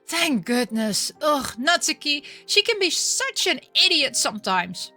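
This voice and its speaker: A woman voicing Ten, an emotional young woman, in high, gushing lines while reading a visual novel aloud. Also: sing-song, measured pace, sharp tone, soft background music, full character voice. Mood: overjoyed, fussing. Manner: high, gushing and breathless with relief.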